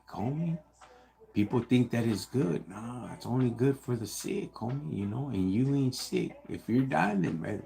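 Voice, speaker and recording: A man's voice: on the low side, gravelly, a little mellow. A man raised in the United States, hosting a casual livestream and answering viewer questions in laid-back street slang, calling everyone homie and dog.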